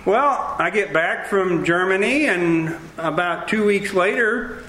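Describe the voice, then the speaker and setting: A man preaching a sermon, telling lively stories with acted-out dialogue. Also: high voice, slow pace, a little hiss or hum. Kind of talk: sermon with storytelling. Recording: roomy echo.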